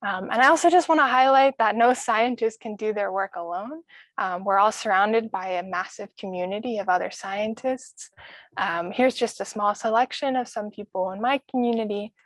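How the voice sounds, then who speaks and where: A woman's voice: mid-range voice, normal speed, no room sound. Young woman giving a science talk, dry sound. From Netherlands. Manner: friendly, explanatory, frequent um. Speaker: graduate student lecturer. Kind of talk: science lecture.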